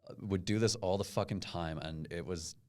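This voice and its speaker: A man's voice: deep voice, moderate pace. A young man co-hosting a podcast in casual chat, swearing often and acting out quotes as he tells stories. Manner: animated storyteller, swears often, acts out quotes. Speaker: podcast co-host.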